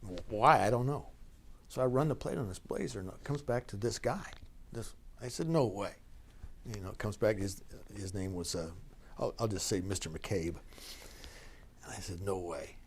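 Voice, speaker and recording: A middle-aged man, a county sheriff, telling a story in a folksy, animated way during an interview, laughing now and then. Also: on the low side, normal speed, long pauses, a little hiss or hum. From Idaho.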